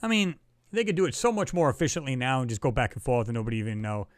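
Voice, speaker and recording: Excitable man hosting a livestream. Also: mid-range voice, quick pace, dry recording. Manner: excitable, talks to chat viewers, reads their comments aloud. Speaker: livestream host. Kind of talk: casual livestream commentary on photos.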